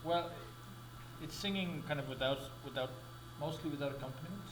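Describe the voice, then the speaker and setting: A man's voice: on the high side, a little fast. A middle-aged Irish man, a guest singer and professor, explaining thoughtfully in a casual interview with some restarts. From Ireland. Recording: echoey room with faint noise.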